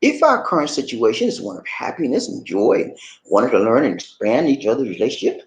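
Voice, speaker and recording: A man's voice: mid-range voice, huge pitch swings, quick pace, echoey room. A man hosting a relationship-advice video, talking in a casual, preachy, playfully pleading way. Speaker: relationship vlogger.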